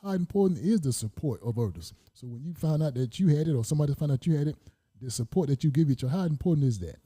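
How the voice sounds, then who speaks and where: A man's voice: on the high side, expressive, quick pace, dark tone, husky. A man hosting a live talk show, asking guests questions in a folksy, repetitive way.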